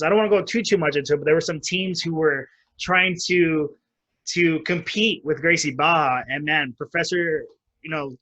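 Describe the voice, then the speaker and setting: A man hosting a casual podcast interview, speaking in an admiring, relaxed way. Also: on the high side, poor audio. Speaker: podcast host.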